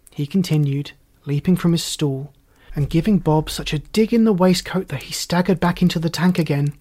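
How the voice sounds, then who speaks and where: A man reading a classic story aloud as narrator, expressive and measured. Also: a little high.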